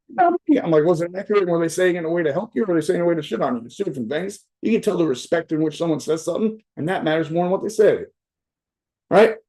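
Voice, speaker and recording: A man's voice: high voice, darkish tone, rough recording. A man giving a casual, profane motivational talk on a video call, joking and rambling, tossing in "right?" after almost every point. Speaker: motivational speaker. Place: on a virtual event via video call.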